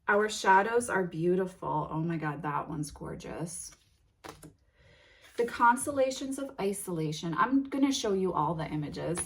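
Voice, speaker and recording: A woman hosting a tarot unboxing, reading card titles aloud in a gentle, admiring way with soft exclamations. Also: mid-range voice, slight background noise. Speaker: tarot reader and channel host.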